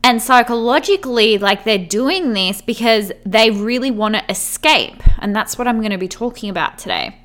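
Bright, chatty young woman podcast host. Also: on the high side, expressive, normal speed, few pauses. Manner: chatty, heavy use of "like" as filler; upbeat and encouraging. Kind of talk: casual solo podcast chat.

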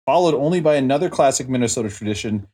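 A man hosting a podcast who talks fast and keeps the jokes coming. His voice is a little husky, and his pitch swings all over as he banters with his guests. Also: expressive, dark tone. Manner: joking, quick banter. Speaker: podcast host. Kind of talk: casual podcast chat.

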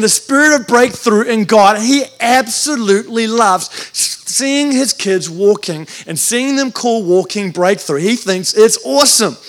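A young New Zealand man preaches a lively sermon, his voice sitting high for a man. He tells comic stories and plays out the voices of the people in them, youth pastor energy throughout. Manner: humorous storytelling with acted-out voices.

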